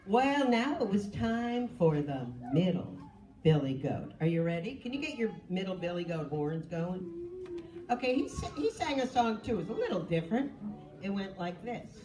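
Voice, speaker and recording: A woman's voice: medium pitch, big pitch swings, normal speed, distant mic. A woman storyteller telling a children's tale at a bookstore in a sing-song, playful way, talking with the audience. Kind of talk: live children's storytelling with guitar. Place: bookstore event. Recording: roomy store with loud guitar.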